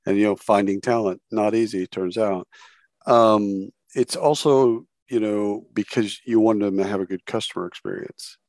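A man's voice: on the low side, fairly even intonation, moderate pace, a little mellow, no echo, clean studio sound. A man hosting a podcast interview, chatting casually and rambling, often restarting his phrases. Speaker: podcast host.

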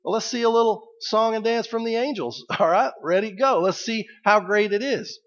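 A preacher putting on a taunting devil. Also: male voice, high voice, normal speed, long reverb tail, pitched above the performer's own voice, natural voice. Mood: mocking. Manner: sarcastic, goading. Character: taunting male devil, mocking and goading. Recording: dull lo-fi recording.

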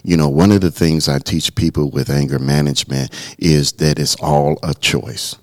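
A middle-aged pastor co-hosting a podcast tells a personal story earnestly, often repeating words as he starts and restarting his phrasing. He has a bass voice with fairly even intonation at a normal speed, in a casual conversation.

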